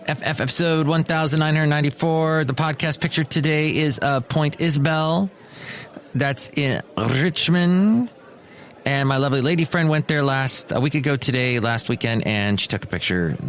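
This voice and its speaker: Male podcast host, casual solo chat, wry and self-mocking, average pitch. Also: fairly even intonation, fairly quick, few pauses, fairly bright tone. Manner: sarcastic, rambling, self-mocking. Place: small cafe studio.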